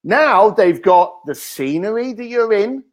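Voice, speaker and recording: A man, a guest author in an interview, telling energetic stories and acting out the lines he quotes. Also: high-pitched, unhurried. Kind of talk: animated interview talk.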